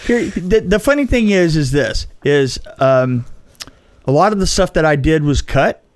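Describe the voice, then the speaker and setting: A man co-hosting a podcast in casual chat, talking haltingly with many fillers and restarts. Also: a little high, lively intonation, dry recording, clean studio sound. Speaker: podcast co-host.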